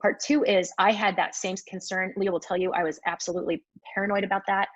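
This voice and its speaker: A woman's voice: medium pitch, little pitch movement, fast, no echo. Earnest woman, dull lo-fi sound. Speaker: series co-creator. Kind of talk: sharing experience in a class.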